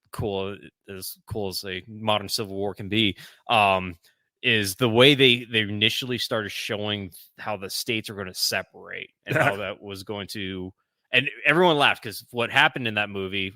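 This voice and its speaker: Low, bright-voiced man joking on a podcast. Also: no room sound. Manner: joking, rambling, quick asides. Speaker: podcast host. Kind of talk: casual podcast chat.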